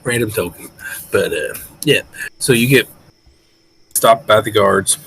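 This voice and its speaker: A man narrating as game master, relaxed and hesitant, laughing now and then. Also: on the low side, a little slow, vocal fry, a little hiss or hum, poor audio.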